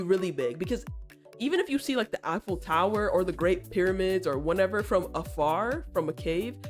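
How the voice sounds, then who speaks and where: A woman streamer chatting casually and critiquing art, playful and slangy, teasing her chat and explaining ideas slowly. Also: mid-range voice, darkish tone. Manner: explains slowly and repeats herself while drawing.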